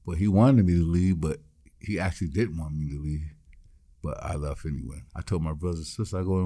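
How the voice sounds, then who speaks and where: A man's voice: sits low, a little fast, dark tone. A man, a musician guest in an interview, telling his story bluntly and acting out the voices of the people in it. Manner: blunt, swears freely.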